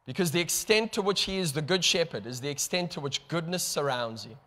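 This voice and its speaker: A man's voice: on the high side, animated, a little fast, a bit bright. A man with a South African accent preaching a sermon as pastor, impassioned and building to emphatic peaks. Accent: South African English. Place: church hall. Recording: long hall reverb.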